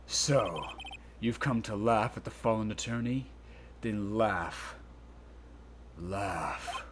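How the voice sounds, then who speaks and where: A man voicing a cold, haughty male rival prosecutor with a low, brooding, scornful drawl. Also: slow pace, noisy background. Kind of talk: comedic let's-play voice acting.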